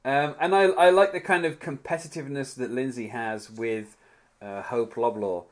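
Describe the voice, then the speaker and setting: A man's voice: medium pitch, fairly even intonation, moderate pace. A man co-hosting a podcast, chatting casually through an episode recap, rambling with lots of fillers and restarts. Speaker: podcast co-host.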